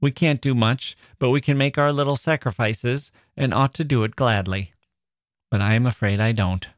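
A man's voice: mid-range voice, moderate pace, no room sound, studio quality, lightly acted. A man reading aloud and voicing a teenage older sister in a complaining tone. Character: eldest teenage sister, prim and wistful.

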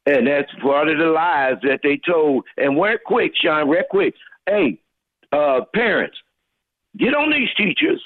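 A man's voice: fairly high pitch, animated, a little slow, no echo. A man from Texas calling in to a talk radio show, ranting in a fired-up, preachy way and repeating his phrases. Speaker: caller. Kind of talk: impassioned call-in rant. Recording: tinny phone line.

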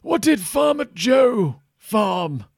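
A man's voice: sits high, big pitch swings, takes it slowly, vocal fry, breathy edge, no room sound, clean studio sound, full character voice. A man voicing a pompous male knight who questions suspects in a theatrical, accusing way. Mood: probing.

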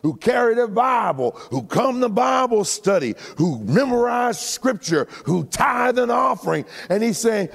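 Gravelly, animated older preacher. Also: male voice, very high voice, measured pace, few pauses. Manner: animated, preaching with shouts and humor. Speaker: pastor. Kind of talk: sermon. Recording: reverberant hall recording.

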